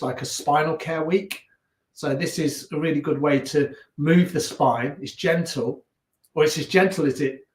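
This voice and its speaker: A man with a Leicester accent teaching a gentle yoga class, giving calm, unhurried cues with chatty asides. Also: a little high. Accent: Leicester English. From England. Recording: echoey room.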